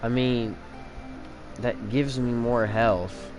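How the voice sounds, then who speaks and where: Slow-talking man with the hiccups. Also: medium pitch, steady tone. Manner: rambling and thinking aloud, with restarts. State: has the hiccups. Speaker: gamer commentating his own play. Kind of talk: casual gameplay commentary. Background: game music.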